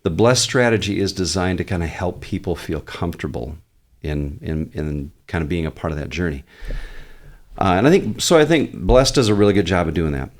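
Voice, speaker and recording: Deep-voiced pastor explaining earnestly. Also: male voice, lively intonation, brisk. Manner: earnest, explains at length with frequent restarts. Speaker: pastor, podcast guest. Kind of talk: casual podcast interview.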